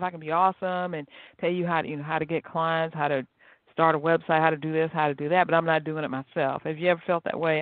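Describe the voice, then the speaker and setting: A woman podcast host giving a chatty, animated motivational talk, telling stories to her listeners. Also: sits low, no room sound. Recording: tinny phone-like line, dry.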